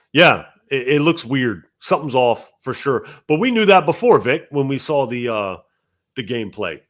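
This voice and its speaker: A man hosting a casual gaming podcast and reading out viewer donations, with animated talk that jumps from loud bursts to low mutters. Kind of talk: casual chat.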